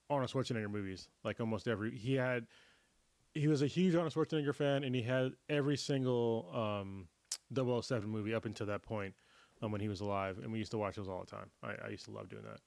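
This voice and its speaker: A man in his thirties hosts a relaxed livestream chat, his mid-range voice slightly hoarse as he gets over a cold. He laughs easily and lets sentences trail off. The sound is dry and close to the mic. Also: mid-range voice, no echo. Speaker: livestream host. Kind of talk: casual chat.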